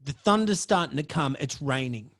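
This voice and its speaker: A man's voice: fairly high pitch, lively intonation, normal speed, a bit bright. A man, a podcast host telling a personal story in a dramatic way and swearing freely.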